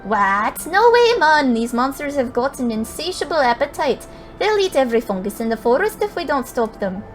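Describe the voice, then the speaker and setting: A woman voicing an excitable, complaining male forest fairy in a game, with a put-on Scottish accent. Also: sits high, moderate pace, faint music behind. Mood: worked up.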